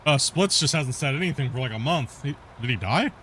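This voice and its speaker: Animated and a little fast, his mid-range voice is bright and forceful, with slight background noise. He rambles through casual chat while streaming a game, laughing, swearing and constantly adding "you know" and "right?".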